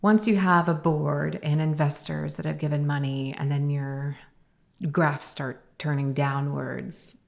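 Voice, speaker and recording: A woman's voice: low-pitched, fairly even intonation, unhurried, vocal fry, echoey room. A woman guest on a podcast, a company founder, sharing her experience in an earnest, emotional storytelling way. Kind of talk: candid podcast conversation.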